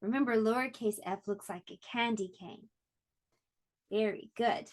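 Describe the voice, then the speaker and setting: Her pitch sits a little high and her pace is measured. She leads an online pre-K lesson, encouraging the young children softly and pronouncing each word slowly and distinctly for them.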